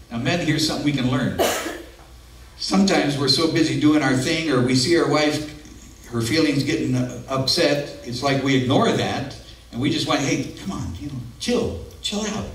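A man's voice: mid-range voice, normal speed, a bit bright. Earnest man preaching in an echoey church. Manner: earnest, conversational preaching with personal asides. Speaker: pastor. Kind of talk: sermon. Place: church sanctuary. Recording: echoey room, mic at a distance.

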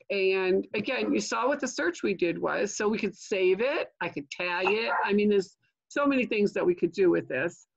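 Chatty older woman with a gravelly voice. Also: mid-range voice, muffled recording. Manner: chatty, keeps asking "okay?" and "right?"; jokey asides. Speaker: LinkedIn trainer. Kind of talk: online training webinar. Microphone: video call.

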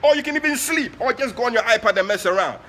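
A man with a Ghanaian accent preaching during an online prayer session, moving between soft asides and loud, passionate exclamations. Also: extremely high pitch, expressive, fast, a little hiss or hum. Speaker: prophet leading online prayer. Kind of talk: sermon.

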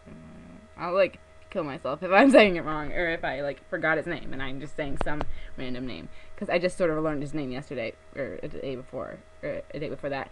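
A woman's voice: sits low, fairly quick, slight background noise, poor audio. A young woman in casual chat to camera, gushing and rambling with many fillers and giggles. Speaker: vlogger.

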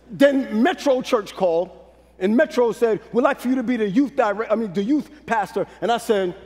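High-voiced Brooklyn pastor preaching in a hall. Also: male voice, normal speed, a faint crowd. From Brooklyn, New York. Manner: preachy call-and-response, swinging from low hush to shouted peaks. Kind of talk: sermon. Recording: long hall reverb.

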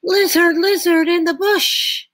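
Woman reader doing a small timid male mouse, high-pitched and stammering. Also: slow, sharp tone, heavily acted. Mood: urgent. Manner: stammering, breathless calls.

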